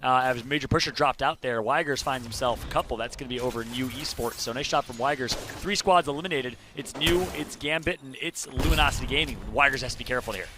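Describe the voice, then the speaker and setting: A man casting an esports battle royale tournament, energetic play-by-play that rises to loud calls at big plays. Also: medium pitch, fast, hardly any pauses, background noise. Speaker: esports caster.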